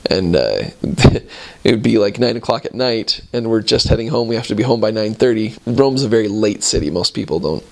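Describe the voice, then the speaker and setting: Speaking a little fast in a lowish, creaky voice, a man who served as a missionary shares relaxed, rambling stories from his mission with frequent chuckles.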